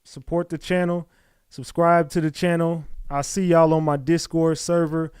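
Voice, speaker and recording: A man's voice: a little high, flat delivery, moderate pace, a little mellow, clear, resonant tone, no echo, clean studio sound. Blunt, mocking male livestream host. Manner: exasperated, mocking, talks straight to viewers. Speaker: livestream host reacting to a clip. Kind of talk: blunt profane livestream commentary.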